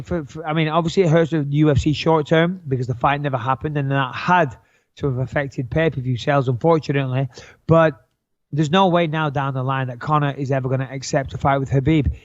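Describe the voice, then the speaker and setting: A man's voice: fairly high pitch, brisk, no echo, lo-fi sound. A man co-hosting a podcast in casual chat, blunt and joking, swearing freely. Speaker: podcast co-host.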